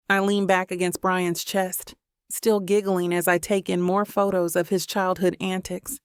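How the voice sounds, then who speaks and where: A woman's voice: fairly low pitch, level tone, a little slow, smooth, dry recording. A woman narrating a first-person romance audiobook in a tender, reflective manner, recorded on a close mic.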